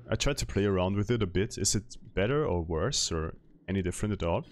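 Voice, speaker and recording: A man streaming a video game, chatting casually with viewers and laughing often as he plays. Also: deep voice. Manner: chatty, reads chat aloud, laughs often. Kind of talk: casual gameplay commentary.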